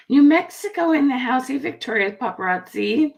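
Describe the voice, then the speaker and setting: A woman's voice: sits high, expressive, moderate pace, creaky, hardly any pauses. A woman hosting a live online stream, chatting in a friendly way as she greets viewers in the comments. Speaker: livestream host.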